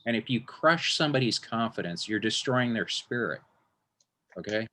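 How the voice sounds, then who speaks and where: A man's voice: on the low side, animated, moderate pace, pushed and bright, slight background noise. A man, a magician, talking in a casual interview, rambling with frequent restarts and acting out quotes.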